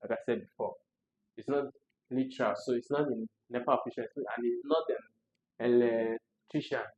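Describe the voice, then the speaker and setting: Nigerian accent, exam tutorial, chatty, laughs often, mid-pitched voice, slightly dull lo-fi sound. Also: steady tone, normal speed, darkish tone, slight background noise. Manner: chatty, laughs often, asks rhetorical questions.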